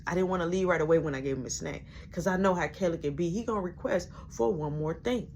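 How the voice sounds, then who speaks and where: A young woman telling a casual story, animated and acting out everyone's voices as she goes. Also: lowish voice, quick pace, hardly any pauses, slight background noise.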